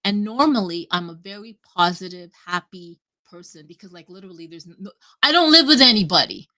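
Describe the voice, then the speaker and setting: A woman talking casually and at length on a live audio chat, rambling and animated, cutting herself off and swearing freely. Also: medium pitch, a little fast. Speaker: guest speaker.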